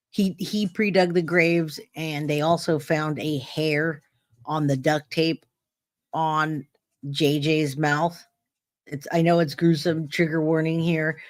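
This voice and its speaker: A man's voice: on the high side, no echo, clean studio sound. A man hosting a live stream, giving casual true-crime commentary and talking straight to his chat with lots of restarts. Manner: chatty, addresses chat directly, many restarts.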